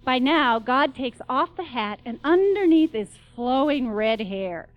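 A woman's voice: high-pitched, animated, measured pace, dry recording, lo-fi sound. A middle-aged woman giving a wry, dramatic spoken-word storytelling performance.

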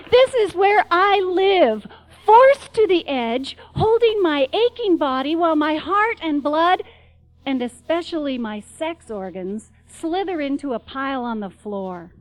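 A woman's voice: high voice, animated, takes it slowly, poor audio. A middle-aged woman giving a wry, dramatic spoken-word storytelling performance.

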